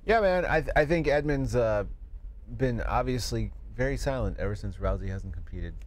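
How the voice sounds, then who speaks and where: A man hosting a podcast in casual chat, laughing often and filling pauses with "uh" and "um". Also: medium pitch, expressive, a little hiss or hum. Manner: laughs often, hesitant fillers. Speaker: podcast co-host.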